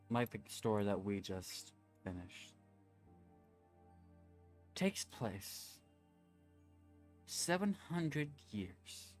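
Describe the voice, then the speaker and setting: A man running a tabletop game as dungeon master, talking slowly with many fillers and pauses. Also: fairly low pitch. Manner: slow, halting, with fillers. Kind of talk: casual chat and game narration.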